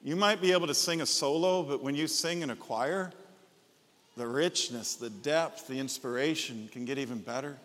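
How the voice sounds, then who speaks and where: A man preaching a sermon as pastor, enthusiastic and bursting into loud shouts. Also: medium pitch, normal speed, long reverb tail.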